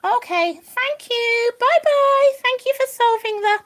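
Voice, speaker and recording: A woman speaks in a very high voice that swoops up and down. She coaxes and praises her pet rabbit in a playful, sing-song way. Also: lively intonation, unhurried, fairly bright tone. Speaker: pet rabbit owner hosting a live stream. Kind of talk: doting talk to a pet rabbit.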